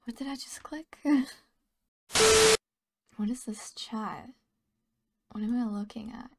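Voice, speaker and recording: A woman's voice: fairly high pitch, steady tone, slow pace, creaky, heavy background noise. A tired woman giving casual gameplay commentary, often half-whispering and mumbling to herself. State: sleepy and tired. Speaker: gaming channel host.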